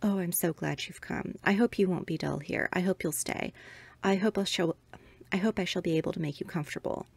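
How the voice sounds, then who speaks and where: A woman voicing a frail, anxious Victorian wife who speaks gently and urgently in a ghost story reading. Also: sits low, moderate pace, creaky, few pauses, husky, dry recording, exaggerated voice. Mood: pleading softly. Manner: gentle, urgent, very soft-spoken.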